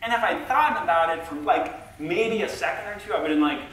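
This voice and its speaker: A middle-aged man giving a conference talk from a stage, a self-confessed low talker who is chatty and self-deprecating and talks back and forth with the audience. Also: fairly quick, few pauses, fairly bright tone. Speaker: conference speaker. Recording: echoey hall, heard from far off.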